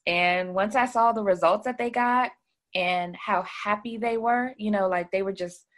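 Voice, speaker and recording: A woman's voice: medium pitch, unhurried, a bit bright. A woman who runs a credit repair business, chatting as an interview guest and telling her story with many fillers. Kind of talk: casual interview talk.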